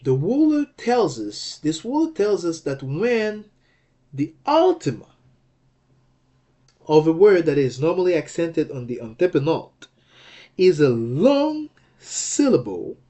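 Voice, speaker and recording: A man explains grammar rules in an unhurried, measured lesson. His voice is dark and mellow. He repeats phrases and pauses to check that the listener follows. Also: fairly high pitch, wildly swooping pitch. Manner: slow and deliberate, repeats phrases, frequent "okay?" checks. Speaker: Greek language teacher.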